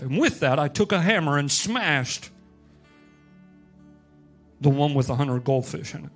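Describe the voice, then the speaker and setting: Male pastor mid-sermon, passionate and building to loud appeals; slightly high voice, light music bed. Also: lively intonation, a little slow, long pauses. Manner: impassioned, rising to loud emphatic peaks.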